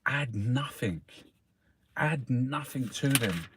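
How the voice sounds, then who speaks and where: A Cockney-accented man from South London, England, hosts a newspaper review as a rambling, casual monologue, swearing constantly and calling the listener "mate." His medium-pitched voice is animated but slow-paced, with background noise behind it.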